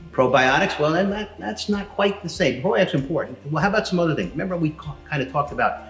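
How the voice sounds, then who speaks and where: A man's voice: a little high, expressive, fast talker, fairly bright tone, roomy sound, soft background music. A man giving a casual, chatty seminar talk with slides and putting questions to the audience. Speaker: seminar speaker.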